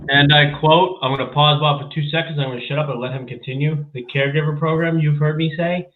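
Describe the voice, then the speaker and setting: A man's voice: a little high, quick pace, echoey room, phone-quality sound. A man hosting a casual chat, telling a story with lots of swearing and acting out what others said. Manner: profane, animated storyteller who acts out quotes. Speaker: podcast host.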